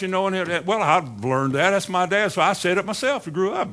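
With a high voice and a brisk, nearly pauseless delivery, a man preaches a sermon full of rhetorical questions for the congregation. His humor is dry and sarcastic, and he swings between quiet asides and rising emphasis.

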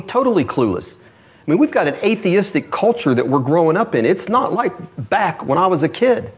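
A man preaching a sermon in a storytelling way, moving between high emphatic lines and low, hushed ones. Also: husky.

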